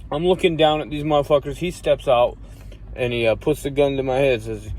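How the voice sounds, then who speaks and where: A man tells a long personal story casually, cursing often, rambling, restarting his sentences, and loudly acting out the voices he quotes. His mid-range voice is fairly even in intonation and a little fast.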